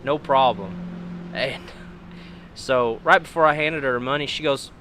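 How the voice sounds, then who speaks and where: A young Kentucky man with a bright, forward voice who rambles through a story in an easygoing interview. He leans on fillers and chuckles between lines, in an accent from his home state. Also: medium pitch, normal speed, slight background noise. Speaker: guest, demolition derby driver.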